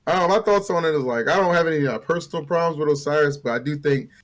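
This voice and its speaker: A man's voice: on the high side, rapid-fire. A man co-hosting a casual talk show, talking in a laid-back way with lots of fillers. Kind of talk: casual chat.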